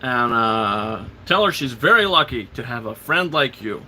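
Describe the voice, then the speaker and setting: A man's voice: medium pitch, animated, measured pace, sharp tone, a little hiss or hum, voice pushed down, rough recording. A man quoting a polite, apologetic young male soldier captain.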